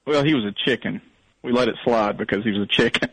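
A man's voice: mid-range voice, fast talker, fairly bright tone, breathy edge, no echo, low-quality recording. A man from Alabama calling into a comedic radio show, polite and hesitant with a dry sense of humor. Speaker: caller. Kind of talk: call-in radio chat.

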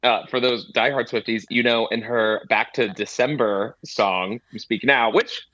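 A man who is a comedian, a guest on a podcast, telling pop culture stories in a quick, excited, self-mocking way. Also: medium pitch, no room sound, highs cut off. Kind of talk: casual chat.

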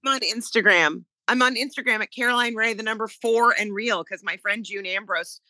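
Woman, podcast guest, casual chat, bright tone, higher voice, joking storyteller. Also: rough recording. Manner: joking, quick-witted storyteller.

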